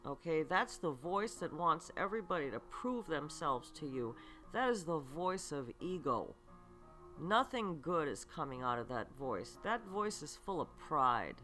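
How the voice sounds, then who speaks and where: A woman delivers a spiritual self-help podcast monologue at an unhurried pace, with a bright voice that swoops up and down. She keeps asking the listener questions and checks in with an "okay", while faint music plays underneath. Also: low-pitched, big pitch swings. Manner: slow and earnest, often checking in with "okay"; asks the listener repeated rhetorical questions. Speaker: podcast host and psychic reader.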